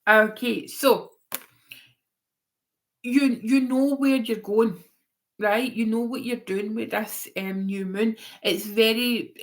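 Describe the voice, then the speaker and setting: A woman's voice: fairly high pitch, steady tone, slow, pauses often. A woman giving a live-stream tarot reading in a chatty, rambling way, often going off on tangents. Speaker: tarot reader.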